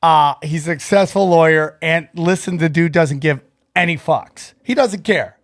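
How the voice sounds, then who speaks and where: A middle-aged man with a high voice hosts a podcast in casual chat. He gets excited, swears freely and acts out both sides of the conversations he retells. The studio sound is dry and close. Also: moderate pace, no echo. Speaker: podcast host.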